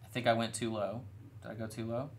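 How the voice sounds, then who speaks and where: This young man talks quickly in a mid-range voice while painting miniatures live, with a little hiss or hum in the background. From his studio room he rambles casually, relaxed and self-deprecating.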